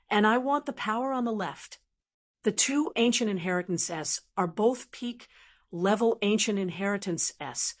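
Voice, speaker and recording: A woman voicing a greedy, vicious old man who gloats and cackles as he grabs for power. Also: medium pitch.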